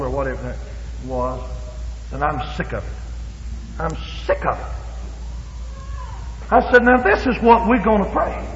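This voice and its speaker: A man's voice: fairly high pitch, animated, a little slow, long pauses, a bit bright, a little hiss or hum. A man preaching a Pentecostal sermon with fervent emphasis, acting out bits of dialogue, in a church or revival hall. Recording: echoey hall, dull lo-fi.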